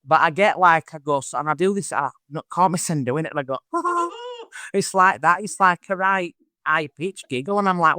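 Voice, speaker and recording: Chatty bright-voiced man. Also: on the high side, clean tone, no echo, studio quality. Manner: chatty, animated, acts out voices in anecdotes. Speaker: medium, podcast host as guest. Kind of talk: casual interview storytelling.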